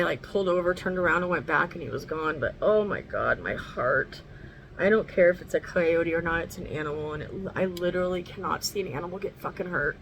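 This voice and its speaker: A woman's voice: fairly low pitch, slight background noise, low-quality recording. A woman chatting casually through a makeup tutorial at home, rambling and swearing now and then. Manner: talks sweetly to her dog. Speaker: makeup vlogger.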